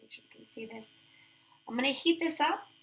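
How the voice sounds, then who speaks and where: A woman with a high, fairly bright voice talks a little fast as she gives an upbeat, chatty how-to on nail wraps. She narrates each step and thinks aloud while she works.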